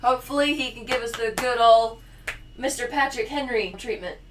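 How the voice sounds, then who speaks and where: A woman co-hosting a casual podcast, chatty and quick to laugh. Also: on the high side. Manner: laughs often, chatty and animated. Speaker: podcast co-host. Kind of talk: casual chat. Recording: distant mic with faint noise.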